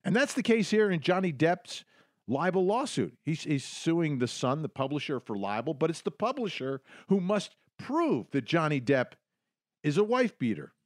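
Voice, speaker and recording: Animated American man hosting legal talk. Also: fairly high pitch, moderate pace, no echo, studio quality. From United States. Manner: animated, emphatic, repeats phrases for emphasis. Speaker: host. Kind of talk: legal commentary show.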